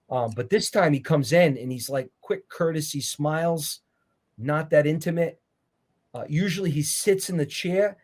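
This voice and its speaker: Guy being interviewed, earnest and kinda preachy, voice sits a bit high. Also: darkish tone. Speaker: interview guest, author. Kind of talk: conversational interview.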